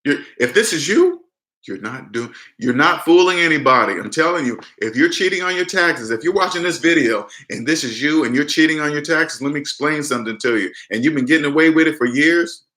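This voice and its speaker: In a roomy, echoing recording, a man gives his viewers a blunt, forceful talk about personal finance in a casual lecture to the camera, restarting sentences often. He sounds a little high, expressive and sharp, and he talks fairly quickly.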